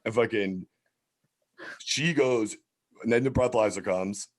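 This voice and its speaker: Male comedian guest, low voice, swears constantly, rambles through a story. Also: unhurried. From Philadelphia area. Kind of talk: casual storytelling chat.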